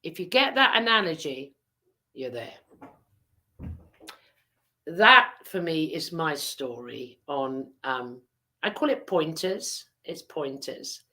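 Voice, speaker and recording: A woman's voice: sits low, expressive, slow, sharp tone. A woman hosting a podcast, chatting and telling a story in a rambling, teasing way with many fillers. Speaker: podcast host. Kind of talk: casual chat and storytelling.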